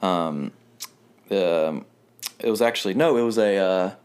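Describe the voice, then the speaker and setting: A young man with a deep, low voice tells a story in an easygoing, rambling way. He is from North Carolina and fills his sentences with "like" and "um", laughing now and then as he talks. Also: a little slow, a little mellow, clear, resonant tone. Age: 20s. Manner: rambling, lots of fillers and laughs. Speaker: guest. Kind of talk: casual storytelling.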